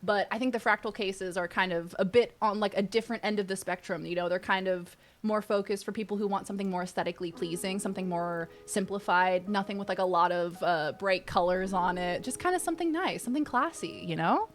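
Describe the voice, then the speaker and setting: A young woman streamer chatting casually, reading and answering her chat with sudden squeals of excitement. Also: medium pitch, a little fast, few pauses.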